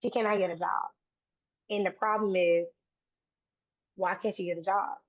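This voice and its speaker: Brief: woman guest, earnest and rambling, mid-pitched, dry tinny phone-like sound. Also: fairly even intonation, normal speed, no echo. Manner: earnest, run-on sentences with frequent restarts. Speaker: guest, autism advocate. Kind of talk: conversational interview.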